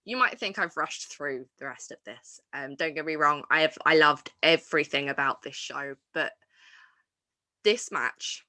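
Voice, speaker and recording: Woman, lowish bright voice, enthusiastic rambling review chat, dry close mic. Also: unhurried, dry recording. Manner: enthusiastic, rambling with restarts and fillers. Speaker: wrestling podcast host.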